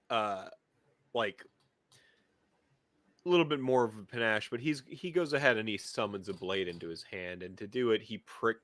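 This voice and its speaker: A man serving as game master, describing scenes in a loose, rambling manner peppered with fillers. His voice sits a touch low yet sounds bright and forward. The recording is close and dry, with no room sound. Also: no room sound. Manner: rambling, lots of fillers and restarts. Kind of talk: narrating a tabletop game.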